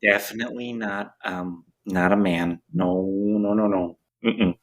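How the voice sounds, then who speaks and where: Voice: low-pitched, steady tone, measured pace. A player in a tabletop game, hesitant and hedging. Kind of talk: tabletop role-play chat.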